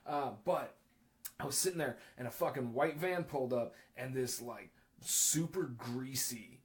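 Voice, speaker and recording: A man's voice: medium pitch, unhurried. A young man hosting a podcast, chatting casually and swearing freely as he tells stories with acted-out quotes. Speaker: podcast host. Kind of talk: casual chat.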